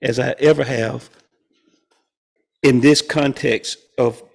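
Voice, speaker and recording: A man's voice: mid-range voice, slow, creaky. A man leading a spiritual study group, teaching in a conversational way and chuckling often. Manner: chuckles often, animated and playful.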